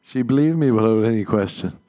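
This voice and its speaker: A man's voice: lively intonation, moderate pace, mellow. A young man hosting a podcast, chatting casually and laughing often as he tells stories. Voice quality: low, gravelly, laughs often. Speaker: podcast host. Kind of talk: casual chat.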